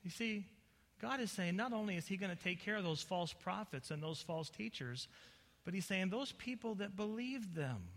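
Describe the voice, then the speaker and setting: A male pastor preaching an impassioned sermon, building to loud peaks and dropping into folksy asides to the congregation. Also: high-pitched, animated, moderate pace. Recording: long hall reverb.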